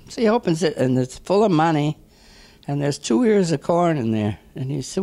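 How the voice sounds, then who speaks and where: A man telling a string of jokes in a casual way, laughing at his own punchlines and clearing his throat between them. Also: fairly high pitch, very animated, moderate pace, darkish tone. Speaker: joke teller.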